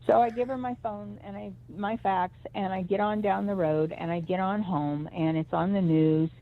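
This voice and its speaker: Gravelly woman on a tinny phone line. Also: mid-range voice, fairly even intonation, normal speed. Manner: rambling, emphatic storytelling with restarts. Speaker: psychic reader. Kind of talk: personal storytelling on a call-in show.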